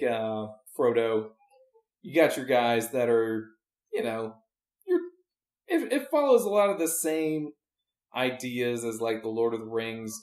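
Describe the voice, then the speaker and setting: A man's voice: mid-range voice, a little mellow, roomy sound. A man, a preacher hosting a podcast, chatting casually and rambling as he hunts for words with many restarts. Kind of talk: casual chat.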